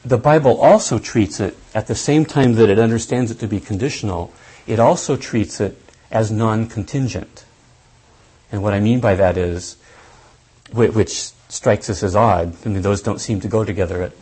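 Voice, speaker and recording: A man giving a lecture on scripture, thinking aloud deliberately and stressing key points. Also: lowish voice, mellow, slightly rough, poor audio. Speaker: Bible teacher.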